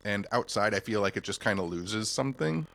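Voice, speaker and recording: A man from Michigan, a podcast guest, talking in a relaxed, rambling way from his chest. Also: on the low side, brisk, gravelly. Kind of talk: casual interview chat.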